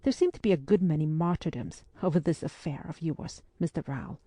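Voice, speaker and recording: Brisk, commanding English spinster, read by a woman. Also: sits low, mellow, dry recording. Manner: brisk, firm, teasing.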